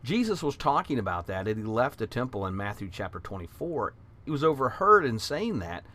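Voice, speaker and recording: Bible class teacher, man, earnest and conversational, mid-pitched voice, retells scripture as he goes. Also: very animated, a little fast, a bit bright.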